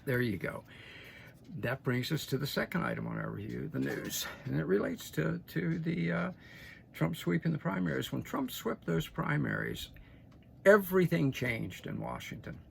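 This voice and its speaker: A man's voice: fairly high pitch, sing-song, normal speed, vocal fry, a little hiss or hum. An older man delivering opinionated news commentary to his audience in a folksy, emphatic way, often checking in with "okay?". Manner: folksy, emphatic, frequent restarts and "okay?" asides. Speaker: political commentator.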